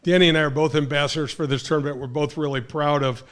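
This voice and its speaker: A man in his sixties from St. Louis hosts a relaxed talk show, spinning animated anecdotes and slipping into the voices of people he quotes. His speaking voice sits a bit high for a man. He stumbles and restarts now and then as he goes. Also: fast talker. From St. Louis, Missouri. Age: 60s. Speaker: host, former pro golfer. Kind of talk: casual storytelling chat.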